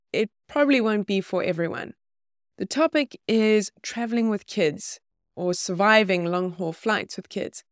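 A woman's voice: mid-range voice, smooth, dry recording, studio quality. A woman co-hosting a podcast, chatting casually with playful, giggly banter. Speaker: podcast co-host.

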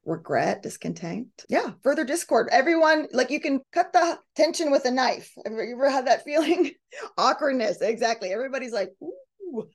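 A middle-aged woman leads a group coaching session with a fairly high, expressive voice. She reacts to participants' comments and slips into lively impressions of the people she quotes. Her tone stays conversational and encouraging. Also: fairly quick. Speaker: podcast host and coach. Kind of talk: coaching talk to a live group.

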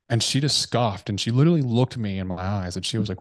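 A man telling a personal story as a podcast guest, earnest and halting, with frequent restarts and fillers. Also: fairly low pitch, no room sound, clean studio sound.

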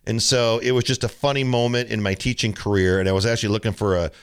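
A man's voice: on the low side, fast talker, clear, resonant tone. A middle-aged man hosting a tennis coaching podcast, talking casually and telling stories with mimicked quotes. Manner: relaxed storytelling with mimicked quotes. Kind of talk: casual solo podcast talk.

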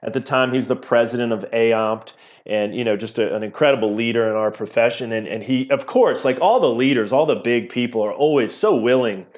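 A man's voice: mid-range voice, fairly quick. Middle-aged man explaining, slightly muffled audio. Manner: animated explainer, often repeats words mid-sentence. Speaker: physical therapy professor, guest. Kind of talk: casual interview talk.

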